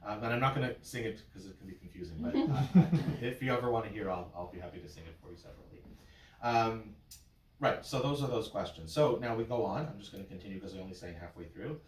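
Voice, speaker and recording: A man's voice: on the low side, animated, fast talker, darkish tone. A man working as a cantor, teaching a small class with playful memory tricks and short sung examples. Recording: roomy and from far off.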